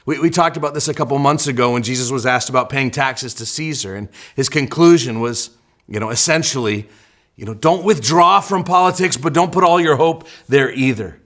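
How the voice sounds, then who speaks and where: A man's voice: medium pitch, brisk, fairly bright tone. A man preaching a sermon as a church pastor, often repeating words as he starts phrases and acting out quotes with energy. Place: church sanctuary.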